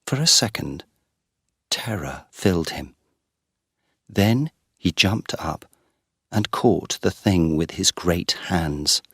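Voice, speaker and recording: Slow, deep-voiced male storyteller. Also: lively intonation, fairly bright tone, slightly rough, no room sound, clean studio sound. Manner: slow, careful, plain delivery. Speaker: narrator. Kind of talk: graded-reader story narration.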